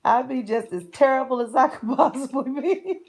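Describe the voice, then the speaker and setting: High-voiced giggly woman. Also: normal speed, creaky, darkish tone. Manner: giggly, laughs often between phrases. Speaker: channel host. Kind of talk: casual livestream chat.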